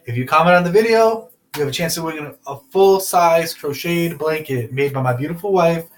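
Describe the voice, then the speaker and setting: A man's voice: a little high, normal speed. A young man hosting a casual talk show, loose and rambling, laughing often. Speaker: podcast host. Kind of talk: casual chat.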